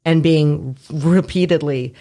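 A woman's voice: low voice, slow, warm tone. Chatty laughing woman, casual talk. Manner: laughs often, heavy filler words. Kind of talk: casual chat.

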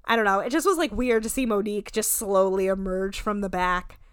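A woman in her thirties chatting casually on a podcast, retelling a TV show in an animated way. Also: clear, resonant tone, no room sound, clean studio sound. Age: 30s. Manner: animated retelling, shifting quickly between pitches. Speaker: podcast co-host. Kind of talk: casual chat recapping a TV show.

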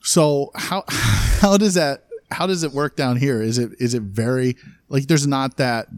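A man's voice: medium pitch, unhurried, no echo. Easygoing man telling stories. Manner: storytelling, asks questions, easygoing. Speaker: podcast guest. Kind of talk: casual chat.

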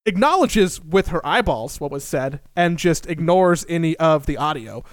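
A young man telling a funny personal story in a casual, animated and profane way, mocking himself. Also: a little high, normal speed, no room sound.

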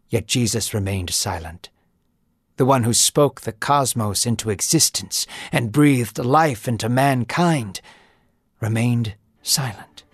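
A man's voice: mid-range voice, dry recording. A man narrating a dramatized scripture story in a solemn, intense manner, building emphasis. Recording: music bed behind voice.

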